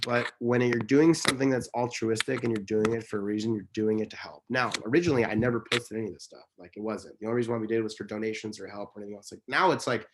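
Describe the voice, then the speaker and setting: A man's voice: lowish voice, fairly even intonation, fast talker, few pauses, background noise. Man, interview guest, casual storytelling, passionate, emphatic, rambling, self-correcting.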